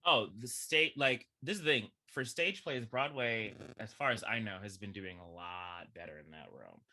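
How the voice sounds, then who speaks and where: A man chatting as a podcast guest, animated and laughing often, swinging from loud bursts to low murmurs. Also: moderate pace. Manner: laughs often mid-sentence. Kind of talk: casual chat.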